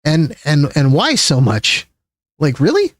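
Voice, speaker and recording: A man's voice: wildly swooping pitch, measured pace, no echo, clean studio sound. Profane ranting male streamer. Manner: profane, rambling, exasperated; swings from high pitch to low mutter. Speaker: livestreamer. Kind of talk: ranting livestream commentary.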